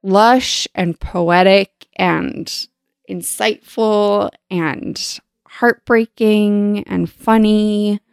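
Woman co-host, low gravelly voice, enthusiastic book chat, dry close mic. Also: steady tone, very slow, no room sound. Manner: enthusiastic, laughs often. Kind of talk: casual book discussion with read-aloud passages.

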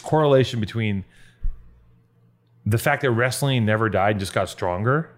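A man hosting a casual comedy podcast, rambling and swearing as he riffs, restless and quick to jump between thoughts. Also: lowish voice. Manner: rambling, profane, restless, riffing. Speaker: podcast host.

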